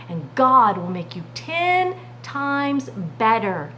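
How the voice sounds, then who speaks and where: A woman Sunday school teacher telling a Bible story to children in an expressive way. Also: on the high side, takes it slowly, hardly any pauses, slight background noise, rough recording. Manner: expressive, warm addresses to "friends".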